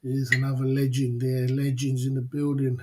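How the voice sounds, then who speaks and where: A man's voice: medium pitch, completely flat delivery, moderate pace, darkish tone. A man hosting a livestream in casual chat, repeating his phrases, speaking in slang and laughing often. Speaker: livestream host.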